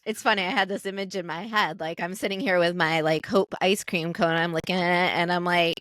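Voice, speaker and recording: A woman co-hosting a podcast from a remote call, with a bright, forward voice. She sounds close and dry, and she speaks in a playful, supportive way. She backs up her points with vivid everyday examples. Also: fairly low pitch, fairly even intonation, a little fast, no room sound. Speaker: podcast co-host. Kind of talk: casual conversational podcast.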